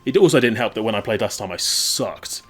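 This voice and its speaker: A young English man with a southern English accent giving casual, rambling let's-play commentary, self-mocking and quick to swear. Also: fairly low pitch, animated, fairly bright tone, husky, soft background music. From English Midlands. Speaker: gaming YouTuber.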